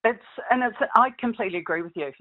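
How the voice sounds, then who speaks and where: Heard on a tinny phone line, the female guest expert on dog safety explains things steadily in response to interview questions. She talks fast, in a voice on the high side.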